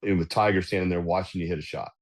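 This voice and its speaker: A middle-aged man, a golf club director and podcast guest, telling anecdotes in casual, animated fashion. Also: low voice, rapid-fire. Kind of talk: casual storytelling.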